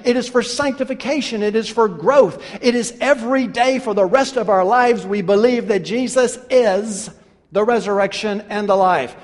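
A man preaching a sermon, emphatic and talking straight to his congregation, swinging between loud and quiet. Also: high-pitched. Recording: reverberant hall.

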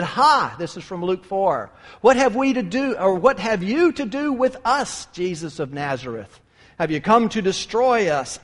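A man preaching a sermon with emphatic delivery, rising to loud peaks and dropping low. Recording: long hall reverb.

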